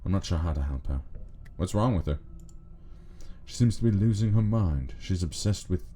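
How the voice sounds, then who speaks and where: A man voicing a mournful middle-aged husband worried about his ill wife, speaking gravely. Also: low voice, animated, normal speed, dark tone.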